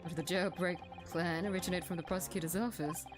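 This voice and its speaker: A woman's voice: on the low side, steady tone, fast talker, over music, close to an everyday voice. A woman reading an earnest young lawyer man. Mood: probing. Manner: plain questioning read-aloud.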